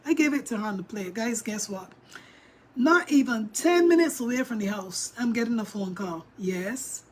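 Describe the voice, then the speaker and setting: A middle-aged woman tells a story to her viewers in a lively, emphatic way, speaking straight to them. Her voice sits a little high for a woman. She leans hard on her points as she goes. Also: moderate pace, husky. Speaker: vlogger.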